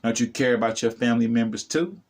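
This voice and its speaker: A man's voice: mid-range voice, quick pace, darkish tone. A middle-aged man giving a motivational talk to the camera as a spiritual vlogger, preachy and repetitive, addressing the viewer directly.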